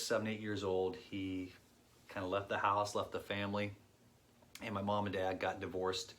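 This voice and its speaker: A man in his late forties telling his personal faith testimony in an earnest, reflective way, pausing often. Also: lowish voice, fairly bright tone. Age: 40s. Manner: earnest and reflective, with pauses and fillers. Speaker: guest sharing his testimony.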